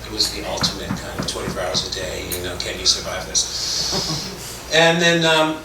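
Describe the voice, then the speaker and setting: A man's voice: low-pitched, moderate pace. Rambling middle-aged man in an echoey hall. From Toronto, Canada. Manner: rambling, chatty, self-deprecating. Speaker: actor on a convention panel. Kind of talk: anecdotal storytelling. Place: convention hall. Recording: echoey hall, distant mic, background noise.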